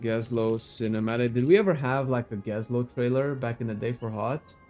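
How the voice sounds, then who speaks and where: Gaming streamer guy rambling at his desk, gets hyped and yells sometimes, average pitch, faint music behind. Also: fairly quick. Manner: rambling, excitable, swears casually, bursts of shouting. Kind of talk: casual gaming chat.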